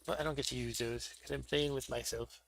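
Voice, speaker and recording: A man's voice: medium pitch, fairly even intonation, brisk, gravelly, a bit bright, slight background noise. A man hosting a board game stream, chatting casually and thinking aloud as he sets up pieces for a solo game. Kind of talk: casual solo play-through commentary.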